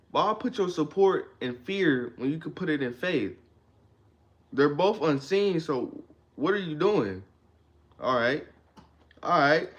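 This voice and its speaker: A man hosting a livestream, giving an emphatic motivational talk in a repetitive, preacher-like cadence. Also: on the high side. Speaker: livestream host.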